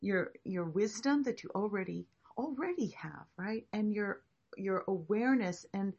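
A woman facilitating a group discussion, reflective and encouraging, talking in halting restarts. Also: mid-range voice, animated, darkish tone, slightly rough, dull audio.

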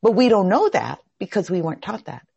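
A woman leads a group over a video call, her voice gravelly and a little husky and swinging widely in pitch. She keeps putting questions to the group. The sound is dry and somewhat dull. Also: brisk, no room sound. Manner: animated, asks the group questions. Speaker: workshop host.

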